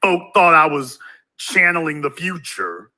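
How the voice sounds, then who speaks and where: In a sing-song manner and at a measured pace, a male YouTube commentator delivers a preachy, ranting monologue, repeatedly firing rhetorical questions at viewers. His voice is pitched high and sounds very bright and cutting.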